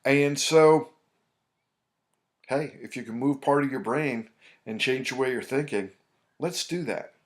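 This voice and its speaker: A man's voice: mid-range voice, measured pace, long pauses. A man, an anxiety coach, talking loosely to camera in a casual advice monologue, rambling with many fillers and restarts. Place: New York City.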